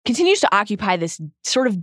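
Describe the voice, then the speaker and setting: A woman's voice: mid-range voice, sing-song, quick pace, fairly bright tone, no echo, studio quality. A woman co-hosting a podcast, talking eagerly about a book in a casual discussion and laughing often. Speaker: podcast co-host.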